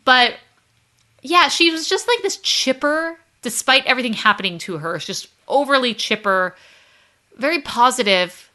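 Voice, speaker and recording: A woman's voice: sits high, lively intonation, normal speed, sharp tone. A woman co-hosting a podcast, chatting casually and animatedly, laughing often. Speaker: podcast co-host. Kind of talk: casual chat.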